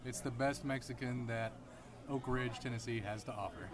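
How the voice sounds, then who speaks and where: A man's voice: medium pitch, normal speed. A man chatting easygoing and matter-of-fact as a guest on an off-road podcast, at a restaurant. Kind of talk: casual chat. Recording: busy restaurant chatter behind.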